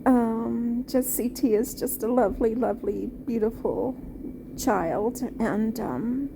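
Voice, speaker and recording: A woman and former teacher reviewing a film off the cuff, halting and heartfelt, with many fillers and restarts. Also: a little high, creaky, noisy background. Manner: tender, heartfelt.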